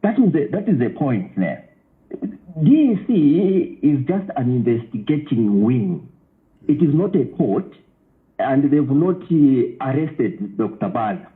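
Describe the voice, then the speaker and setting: Male caller, emphatic, animated delivery, phone-quality sound. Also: mid-range voice, takes it slowly. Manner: emphatic, repeats words while explaining. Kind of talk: call-in radio talk. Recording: tinny phone line.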